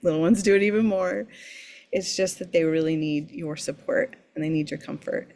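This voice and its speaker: A woman's voice: low voice, normal speed, creaky, mellow. A woman sleep coach as a podcast guest, speaking earnestly and emphatically, often repeating words as she thinks. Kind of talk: podcast interview.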